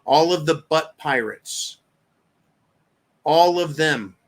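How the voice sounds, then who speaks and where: A man's voice: a little high, slow. A man hosting his own show, ranting in a profane, combative way and reading out viewer comments. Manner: reads viewer chat aloud. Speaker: show host. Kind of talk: live-stream commentary rant.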